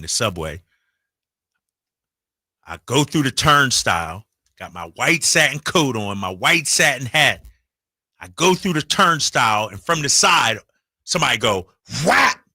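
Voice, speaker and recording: A man hosting a sports radio show, chatting casually and telling stories with animated quoted voices in a studio. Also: on the low side, no echo. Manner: animated storyteller, acts out quotes. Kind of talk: casual sports talk and storytelling.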